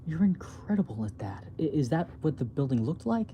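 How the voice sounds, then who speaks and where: Man, mellow voice, slow halting read-aloud, bedtime story, faint background hiss. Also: fairly high pitch, sing-song. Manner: soft, slow, halting reading with small slips. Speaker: reader of his own book.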